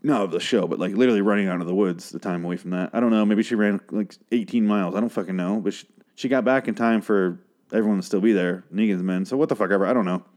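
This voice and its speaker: A man's voice: lowish voice, fast, darkish tone. A man giving a casual, rambling recap of a TV episode, swearing freely and often trailing off or restarting with a sardonic edge. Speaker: show recap podcaster.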